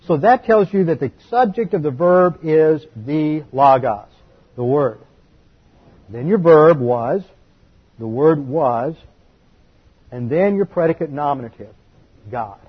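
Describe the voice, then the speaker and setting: Bible teacher, male, fairly high and husky voice, explanatory and emphatic, muffled lo-fi recording. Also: animated. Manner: explanatory, emphatic, slows to stress key words. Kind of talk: Bible study lecture.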